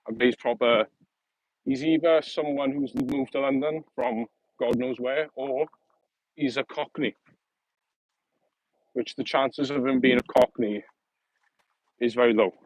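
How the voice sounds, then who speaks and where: Brief: young man, mid-pitch, live-stream banter on a phone while walking, dry close sound. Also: a little slow, pauses often, dry recording, rough recording. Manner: chatty, joking, reads and answers viewer comments. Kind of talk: casual live-stream chat. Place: outdoors, walking.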